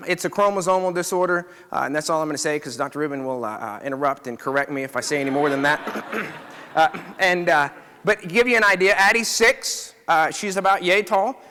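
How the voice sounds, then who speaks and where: A man's voice: sits high, pushed and bright, in a large hall. A middle-aged man, a chiropractor, telling a story to a live audience in a conversational way, often checking in with his listeners.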